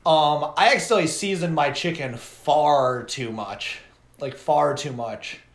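A man co-hosting a podcast, telling rambling stories in a casual, lively way with lots of fillers. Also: a little high, measured pace, roomy sound. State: coughing from pepper flakes. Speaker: podcast co-host. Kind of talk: casual chat.

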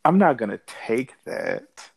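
Tipsy man in his thirties, gravelly. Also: medium pitch, huge pitch swings, measured pace, low-quality recording. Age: 30s. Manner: rambling, many restarts, laughs often. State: a little drunk. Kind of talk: casual chat.

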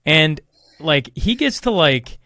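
A man's voice: on the high side, very animated, slow, sharp tone, no echo, studio quality. A man hosting an interview podcast, talking casually and rambling, joking at his own expense and calling listeners folks. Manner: rambling, self-deprecating, addresses listeners as folks. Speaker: podcast host.

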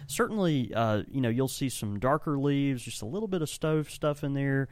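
A man's voice: mid-range voice, expressive, normal speed. A man with an ordinary mid-range voice chats casually on a podcast, piling up eager descriptions. The sound is dry and close, with no room echo. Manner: enthusiastic, rambling, descriptive. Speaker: podcast co-host and tobacco shop blender. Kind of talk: casual chat. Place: tobacco shop.

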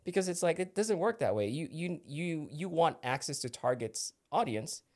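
A man's voice: on the high side, expressive, moderate pace, darkish tone. A man hosts a podcast in easy interview chat. He sounds friendly and pokes fun at himself. He laughs often between his remarks. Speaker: podcast host.

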